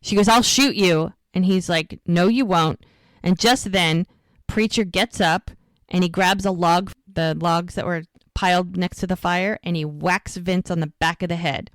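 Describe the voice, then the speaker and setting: A woman's voice: lowish voice, moderate pace, no room sound. A woman co-hosting a podcast, casually recapping an episode and acting out the characters' lines as she goes. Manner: animated retelling, acts out quoted lines.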